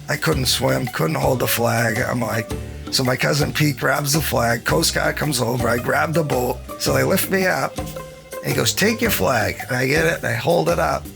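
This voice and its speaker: New guy in his 50s telling a story, gravelly, acts out the dialogue, music under it. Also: medium pitch, a little slow. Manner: animated, acts out quoted dialogue, chuckles between beats. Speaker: interviewee, former champion. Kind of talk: documentary interview storytelling. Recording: soft music bed under the voice.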